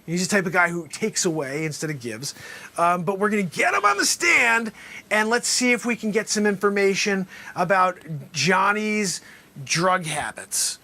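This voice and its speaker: A man hosting an improvised comedy sketch as a courtroom lawyer, theatrical and bursting into loud exclamations. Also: high-pitched. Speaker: host playing a courtroom lawyer.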